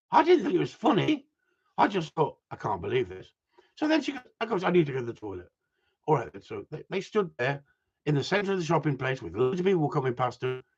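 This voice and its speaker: A man's voice: high voice, slightly rough, muffled recording. A man hosting a live stream, telling a story as a casual rant with lots of swearing. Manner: animated storytelling with frequent swearing. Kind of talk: casual ranting chat.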